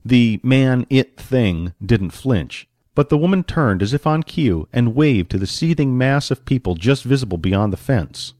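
Expressive male audiobook narrator. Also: medium pitch, measured pace, hardly any pauses, no echo, studio quality. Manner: expressive storytelling with varied pacing.

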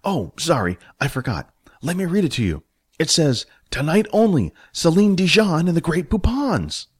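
A man doing Jack, a lively streetwise guide. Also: moderate pace, breathy edge, no room sound, clean studio sound. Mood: upbeat. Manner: reassuring, lively, higher-pitched. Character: cheerful streetwise young male guide Jack.

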